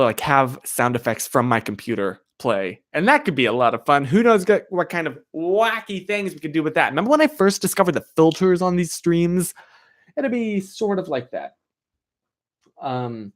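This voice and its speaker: A man's voice: fairly high pitch, animated, moderate pace. A man live-streaming from a chilly room, chatting casually and rambling with plenty of "like" fillers while answering his viewers. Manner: answers viewer chat directly. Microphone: streaming microphone.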